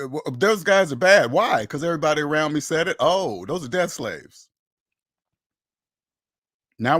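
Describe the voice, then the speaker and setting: A man's voice: on the high side, fairly bright tone, no echo, studio quality. A man hosting a personal finance channel, delivering an emphatic, preachy monologue that repeats phrases and acts out imagined back-and-forth dialogues. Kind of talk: opinionated monologue to camera.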